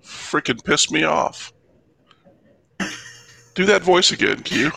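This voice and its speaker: A man with a gravelly, bright, forceful voice co-hosts a casual podcast. He gripes in mock annoyance and swears, and his pitch moves a lot. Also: lively intonation, slow pace. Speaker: podcast co-host. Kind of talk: casual chat.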